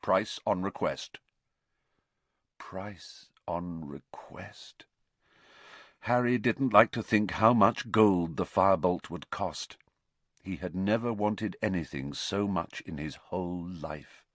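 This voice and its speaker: A man reading an audiobook aloud in an expressive, theatrical storytelling manner. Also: lowish voice, husky, dry recording. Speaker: audiobook narrator.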